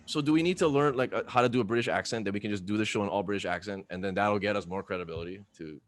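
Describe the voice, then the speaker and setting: A man's voice: on the low side, very fast, a little hiss or hum. A man co-hosting a podcast, chatting casually and riffing with jokes. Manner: animated, jokey, riffing. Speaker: podcast co-host. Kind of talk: casual chat.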